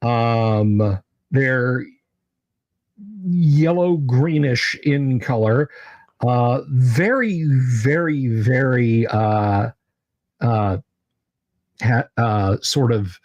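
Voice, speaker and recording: A man running a tabletop game as game master, halting with many filler sounds. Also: medium pitch, a little mellow, no room sound, highs cut off. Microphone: video call mic.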